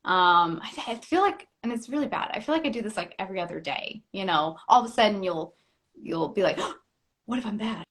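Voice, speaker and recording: Animated young woman, acting out quotes. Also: medium pitch, fairly quick. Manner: animated, acts out voices and quotes, laughs often. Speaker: guest actress and comedian. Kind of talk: lively live interview chat.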